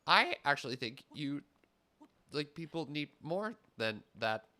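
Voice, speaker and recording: A man's voice: fairly high pitch, big pitch swings, measured pace, sharp tone. A young man streaming a game, chatting casually and rambling, often stopping himself mid-thought and laughing. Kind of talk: casual gameplay chat.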